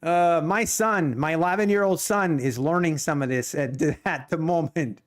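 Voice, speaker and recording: Answering his viewers' chat during a live trading stream, a middle-aged man jokes around, rambles and laughs a lot. He talks at a moderate pace in a voice that's on the high side.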